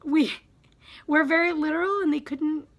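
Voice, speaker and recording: A young woman with a Wisconsin accent reads quiz questions and word lists in a casual, chatty way. Her voice sits high, and she often stops to wonder aloud whether she says a word right. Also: moderate pace, gravelly. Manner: reads a word list, musing aloud and second-guessing her pronunciations. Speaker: vlogger. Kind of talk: casual accent tag reading.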